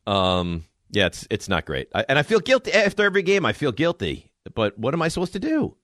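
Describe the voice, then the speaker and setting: A man's voice: mid-range voice, a little fast, no echo, studio quality. A man co-hosting a casual chat, telling self-mocking stories about coaching a youth basketball team. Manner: animated, self-mocking storytelling.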